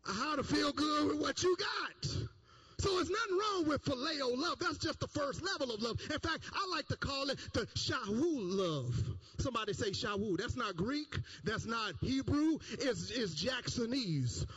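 A man's voice: very high-pitched, expressive, measured pace, fairly bright tone. A man preaching a sermon, repeating phrases and rising into sung, chanted cadences. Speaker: pastor.

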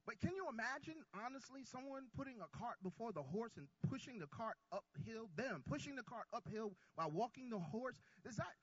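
A man preaching a sermon who calls on his congregation to answer back, drawing out key words and swinging between quiet asides and loud lines. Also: very high-pitched, big pitch swings, fairly quick, few pauses, no echo, highs cut off. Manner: call-and-response with the congregation.

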